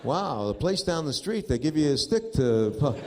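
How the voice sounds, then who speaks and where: A man's voice: a little high, very animated, normal speed. A man in his fifties doing stand-up, telling stories in an exasperated, profane way. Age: 50s. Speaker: stand-up comedian. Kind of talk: stand-up comedy storytelling. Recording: noisy live recording.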